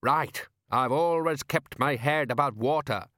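A man's voice: mid-range voice, unhurried, pushed and bright, no echo, pitched above the performer's own voice. A man playing a blustering, scheming middle-aged fisherman father in a comic fantasy audiobook. He lectures in a bossy, self-satisfied way, close and dry.

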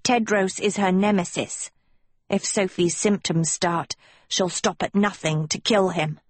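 A woman's voice: mid-range voice, unhurried, dry recording, lightly acted. An actress voicing a blunt teenage witch girl in an audiobook, hissing and curt. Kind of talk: audiobook character reading.

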